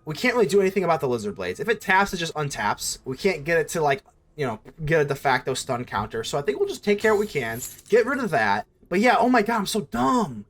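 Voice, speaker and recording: A card game streamer thinking aloud through a match, fretting and scolding themselves over mistakes in casual commentary. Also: medium pitch.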